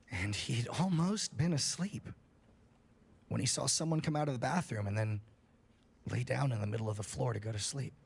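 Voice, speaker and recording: A man's voice: on the low side, creaky, breathy edge. A man on a livestream telling a scary story in a casual, profane way, building suspense. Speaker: streamer.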